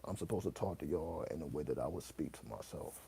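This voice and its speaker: Male host, deep dark gravelly voice, AAVE speaker, blunt profane monologue, spells words out loud. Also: fast, slight background noise. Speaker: host answering viewer questions. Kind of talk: casual monologue to camera.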